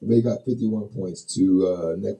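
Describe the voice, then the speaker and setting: A man co-hosting a casual radio talk show, chatty and lively, running through sports scores with many ums and uhs. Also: low voice, measured pace, reverberant, low-quality recording. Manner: lively, chatty, laughs often, fillers like uh and um. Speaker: radio co-host doing sports. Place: small radio studio.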